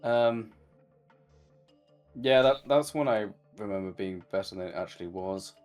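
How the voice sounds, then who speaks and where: A man's voice: lowish voice, normal speed, a little mellow, faint music behind. A man co-hosting a casual review chat, rambling with lots of "like" and acting out lines he quotes. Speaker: podcast co-host reviewing a cartoon.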